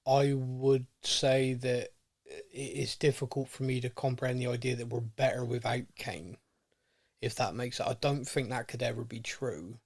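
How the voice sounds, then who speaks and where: A man's voice: medium pitch, steady tone, normal speed, husky. A man with a West Country English accent co-hosting a casual football podcast, self-mocking and telling stories with acted-out quotes. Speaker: podcast co-host.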